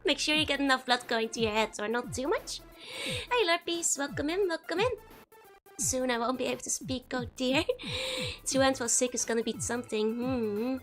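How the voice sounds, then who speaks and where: A woman streamer with a Dutch accent chatting casually on a live stream, her voice hoarse from being sick, greeting her chat by name and laughing often. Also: sits high, expressive, moderate pace, faint music behind.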